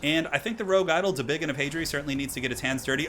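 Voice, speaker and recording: A man calls a strategy game match at a rapid clip. His voice is bright and ringing, and it jumps high when the action heats up. A faint hiss sits behind the recording. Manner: fast, excitable play-by-play with sudden high exclamations. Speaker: esports caster. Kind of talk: live game commentary.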